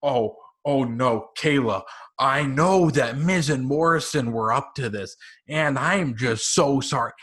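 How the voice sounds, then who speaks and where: A man's voice: mid-range voice, a little slow, a bit bright, close to an everyday voice. A man doing a mocking impression of a huge male wrestler apologizing meekly. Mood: mock apologetic.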